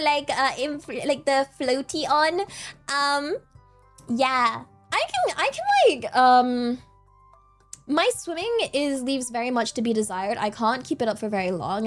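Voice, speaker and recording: Young woman, streamer, high voice, giggly, rambling, repeats words, faint background music. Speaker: vtuber streamer. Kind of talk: casual stream chat.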